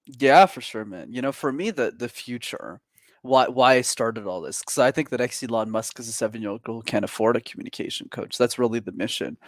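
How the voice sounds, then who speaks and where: A young man talks as a podcast guest, upbeat and eager, quick to laugh. His voice sits at a middle pitch, and the recording is dry and close. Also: dry recording. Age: young adult. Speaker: podcast guest, communication coach. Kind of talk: casual interview chat.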